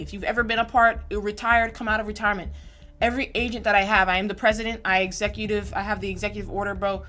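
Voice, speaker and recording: A woman hosting a sports reaction stream, talking casually in slang and swinging between loud outbursts and low mutters. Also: flat delivery, quick pace, soft background music. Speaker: sports reaction channel host. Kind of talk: casual live reaction commentary.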